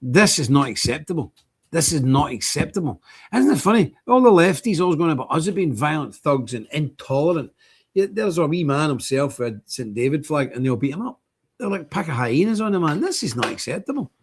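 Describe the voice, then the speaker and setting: A man's voice: a little high, big pitch swings, brisk, husky. An older man hosting a livestream, talking casually and ranting indignantly in bursts. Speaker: streamer host.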